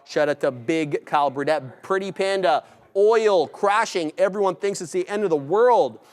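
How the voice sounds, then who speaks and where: Man, smooth resonant voice, slightly high, live trading commentary, upbeat and brisk. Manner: brisk, upbeat, gives viewer shout-outs. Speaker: day-trading stream host.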